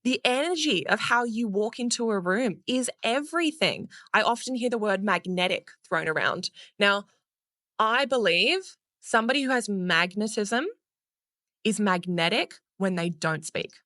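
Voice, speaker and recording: An Australian woman, a public speaking coach, giving energetic, playful advice in a podcast interview and casually swearing now and then. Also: medium pitch, normal speed, no echo, clean studio sound.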